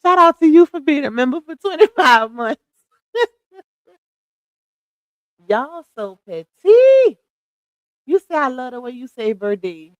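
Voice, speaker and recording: A woman's voice: high voice, a little fast, few pauses, dry recording, low-quality recording. A middle-aged woman hosting a casual live-stream gossip chat. She reads viewer comments aloud and reacts with sassy slang, laughing often. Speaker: livestream host reading chat comments.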